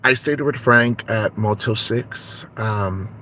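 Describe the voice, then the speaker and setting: A man's voice: lowish voice, slow pace, bright, forceful tone, a little hiss or hum. A man voicing a brassy, shameless young Tejana woman, gossiping and code-switching in a confessional comedy vlog. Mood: gossipy. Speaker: vlog character. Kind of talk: comedic character monologue.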